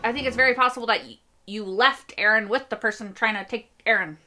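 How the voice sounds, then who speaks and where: A young woman hosting a casual reaction video, excitable and swearing as she talks back at the screen. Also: fairly high pitch, quick pace, soft background music.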